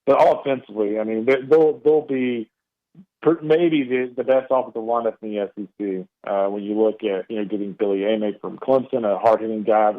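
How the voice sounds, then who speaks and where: A man with an East Texas drawl, a baseball analyst giving radio interview commentary with loose, filler-heavy talk and frequent restarts. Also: on the low side. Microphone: phone call into studio. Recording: phone line.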